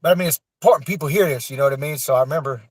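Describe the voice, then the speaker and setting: Man, emotional storytelling, halting restarts, dry close mic. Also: on the high side, a little mellow, slightly rough, no room sound, rough recording. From Florida Panhandle.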